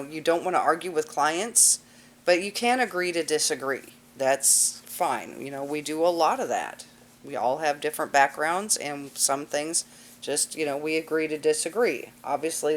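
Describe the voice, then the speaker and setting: A woman teaching a cosmetology class in a casual, chatty lecture with lots of fillers. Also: low-pitched. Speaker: cosmetology instructor.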